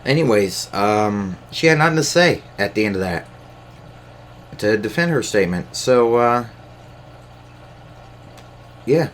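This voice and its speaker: A man talking off the cuff in a fairly low voice, stumbling through plenty of ums and uhs and cursing freely. He is recorded on a camera mic, with a faint hiss of noise underneath. It sounds like an unscripted solo podcast. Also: expressive, unhurried, pauses often. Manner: hesitant, lots of fillers, profane. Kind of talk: casual rambling monologue.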